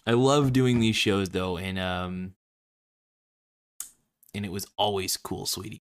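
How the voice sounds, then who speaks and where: Goofy low-voiced man rambling as host. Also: slow pace, clean tone. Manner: goofy, self-mocking, jumps between topics. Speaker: host of an online show. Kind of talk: rambling casual sign-off.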